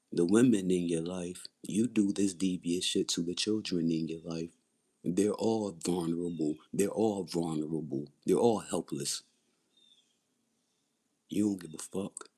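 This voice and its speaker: Husky low-voiced man, intense. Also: measured pace, darkish tone. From Philadelphia, USA. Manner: intense, repetitive, blunt and profane. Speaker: livestream host. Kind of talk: raw personal testimony on a livestream.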